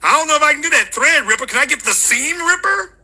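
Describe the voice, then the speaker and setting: A man's voice: extremely high pitch, expressive, quick pace, bright, forceful tone, voice pushed up, exaggerated voice. A man voicing a whiny young woman who pleads for a cheaper gift, in a mocking impression. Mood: pleading.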